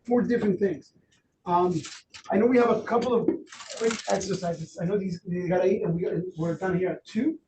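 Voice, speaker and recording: A man running a real estate training workshop, loose and animated, acting out quotes with plenty of fillers. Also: sits high, fairly quick. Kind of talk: workshop talk. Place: training room. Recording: roomy, distant, faint noise.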